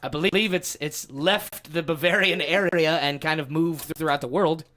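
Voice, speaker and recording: A man chatting as a guest in a small studio, playful and quick to laugh. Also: on the high side. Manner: playful, laughing, lively intonation. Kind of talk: casual comedic chat.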